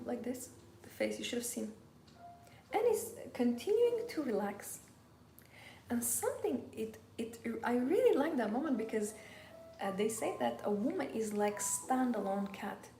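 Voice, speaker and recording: A woman's voice: a little high, dark tone. A woman giving a live-stream coaching talk in an intimate way, often dropping to a whisper. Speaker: femininity coach. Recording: roomy with background music.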